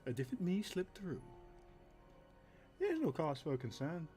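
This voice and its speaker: A smooth, slippery stranger soothes and deflects, as a game master puts him on, his voice pitched well above the man's own. Faint music plays under a tabletop game session. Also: huge pitch swings, measured pace, warm tone. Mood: smooth, reassuring. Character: smooth evasive man of shifting accents.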